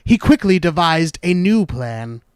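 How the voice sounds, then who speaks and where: A man narrates a horror tale slowly and dramatically, and sometimes drops into hushed, dark turns. His voice sits high and ranges widely. The recording is close and dry. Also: big pitch swings, smooth, no room sound. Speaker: storyteller, podcast host.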